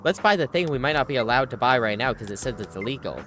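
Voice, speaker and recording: A chatty, playful game streamer talks casually through a live session and reacts out loud to whatever happens on screen. The voice sits at a middling pitch. Faint game music plays in the background. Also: animated, fast talker. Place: home streaming setup.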